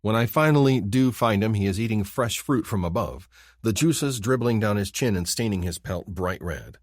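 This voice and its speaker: In clean studio sound with a dry recording, a lowish-voiced man reads scripted audiobook narration. His storytelling is steady, even, and measured.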